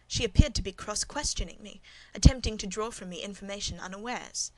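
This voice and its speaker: A woman reading a classic novel aloud as first-person scripted narration, measured and even. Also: medium pitch, no room sound, rough recording. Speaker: audiobook narrator.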